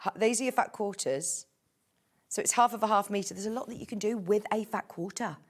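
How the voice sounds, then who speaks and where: A woman's voice: mid-range voice, a little fast. A woman presenting on a live home shopping show, chatty and gushing as she reads out prices and product codes. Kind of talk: live TV sales pitch.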